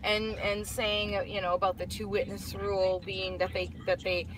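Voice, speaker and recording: A woman hosting a live stream, retelling a conversation in lively casual chat and quoting everyone with "I'm like.". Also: mid-range voice, normal speed, background noise. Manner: animated storyteller, quotes others with "I'm like".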